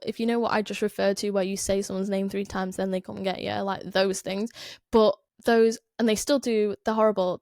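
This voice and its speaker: A young woman with a Northern English accent chats away on her podcast, rambling and restarting her sentences, with lots of "like" fillers. Her voice sits at an ordinary middle pitch. It is recorded close and dry, with no room sound. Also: no echo. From Northern England. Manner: chatty, rambling, many "like" fillers, self-interrupting. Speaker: podcast host. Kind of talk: casual chat.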